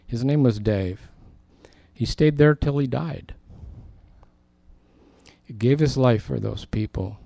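Dry-sounding man preaching a lively sermon. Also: mid-range voice, takes it slowly, gravelly, pauses often, no echo. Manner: animated storytelling, acting out quoted voices. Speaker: pastor.

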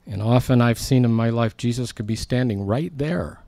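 Guy preaching, tells it like a story, acts out the quotes, mid pitch, dry mic. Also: moderate pace, creaky, warm tone, no room sound. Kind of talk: sermon.

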